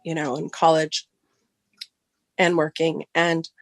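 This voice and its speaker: Speaking slowly, a middle-aged woman from Southern California shares a personal story as a podcast guest, acting out the conversations and going high-pitched when excited. The recording has no echo.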